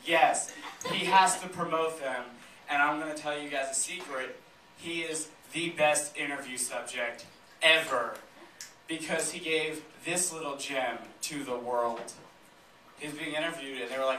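Stand-up guy, deadpan stories then loud punchlines, echoey noisy live room. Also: on the high side, a little slow. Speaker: stand-up comedian. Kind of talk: stand-up comedy set. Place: comedy theater stage with live audience laughing. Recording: roomy, distant, noisy live club recording.

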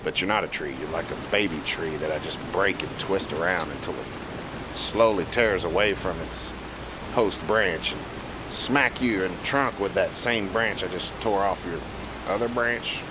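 A man's voice: low voice, normal speed, noisy background. A man streaming a video game, rambling and joking in casual commentary and talking back to the characters on screen. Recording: game music playing under the voice.

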